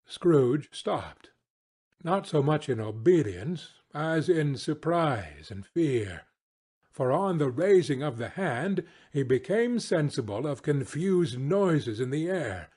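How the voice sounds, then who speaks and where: Male narrator, husky voice, unhurried measured reading, storybook narration for learners. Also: mid-range voice, a little mellow.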